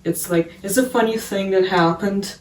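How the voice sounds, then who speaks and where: High, flat-voiced man in an echoey room. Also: moderate pace. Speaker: podcast co-host. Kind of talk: casual book discussion. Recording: roomy, distant mic.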